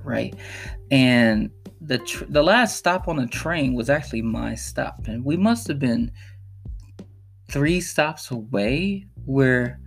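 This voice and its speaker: A young man from Chicago hosting a podcast, telling a personal story in an earnest, emphatic way and repeating phrases for emphasis. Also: medium pitch. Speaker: podcast host.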